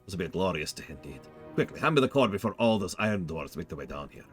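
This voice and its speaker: A man voicing an excitable male dwarf explorer in a put-on brogue, reading game dialogue aloud and calling people "lad". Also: low voice, fast talker, faint music behind. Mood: excited. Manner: hearty, calls people "lad".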